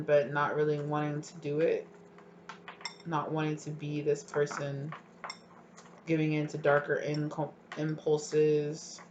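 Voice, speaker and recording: A tarot reader giving a casual pick-a-card reading, rambling with lots of filler likes and sudden excited bursts. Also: mid-range voice, muffled recording, slight background noise.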